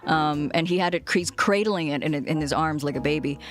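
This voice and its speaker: A woman's voice: low voice, moderate pace. A young woman streamer in casual chat with her viewers, reading their messages aloud and chatting back with big swings in tone.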